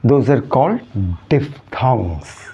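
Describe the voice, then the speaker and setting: A man with an Odia accent teaching English pronunciation, repeating each vowel sound several times with drawn-out emphasis. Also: mid-range voice, big pitch swings, dark tone, a little hiss or hum. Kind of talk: slow, deliberate spoken English lesson. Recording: slightly dull, lo-fi sound.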